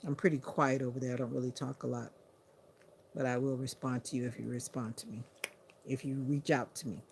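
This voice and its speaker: A sleepy woman hosting a livestream, chatting to viewers in an unhurried, casual way. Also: a bass voice, steady tone, vocal fry, darkish tone, slight background noise. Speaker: livestream host.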